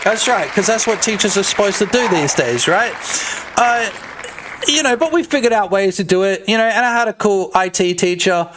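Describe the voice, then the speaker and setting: High-voiced joking Australian man streamer. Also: animated, normal speed, a crowd in the background, background noise. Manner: joking, swears, bursts into loud shouts. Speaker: game dev streamer. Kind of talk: casual live-stream chat.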